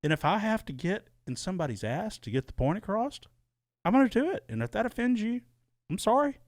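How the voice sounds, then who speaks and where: A man's voice: high voice, very animated, a little fast, no echo. A man co-hosting a podcast in casual chat, rambling and restarting his words, recorded in a small soundproofed studio. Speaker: podcast co-host.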